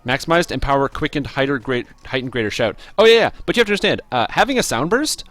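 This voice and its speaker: A man chatting casually to his viewers while streaming a video game, rambling and reacting excitedly to the gameplay. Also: mid-range voice, quick pace. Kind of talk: casual live-stream commentary.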